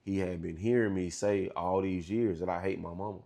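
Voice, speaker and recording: Gravelly deep-voiced man telling his story. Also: fairly even intonation, mellow. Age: 30s. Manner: halting, restarts often, slangy and profane. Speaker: interview guest. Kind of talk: candid storytelling interview.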